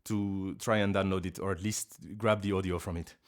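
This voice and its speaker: A man chatting casually on a live stream from his living room, rambling and joking at himself with sudden loud outbursts. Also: sits low, steady tone, moderate pace.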